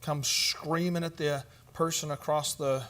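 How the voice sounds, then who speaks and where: A man's voice: a little high, fairly even intonation, unhurried, a bit bright. A man giving a church conference teaching, telling stories in a conversational way with fillers and asides. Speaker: conference speaker.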